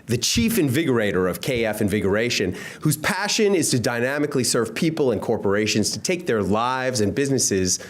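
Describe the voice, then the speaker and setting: A man's voice: medium pitch, very animated, a little fast, hardly any pauses. A man serving as emcee, reading out a formal introduction of the next speaker's credentials. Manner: reads a list of credentials in a formal build-up.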